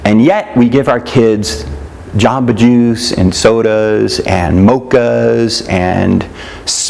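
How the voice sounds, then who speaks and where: A nutrition instructor teaches a class casually and conversationally, often checking in with "right?" and "yeah?" and acting out what others say. His fairly low voice is creaky, with slight background noise in the recording.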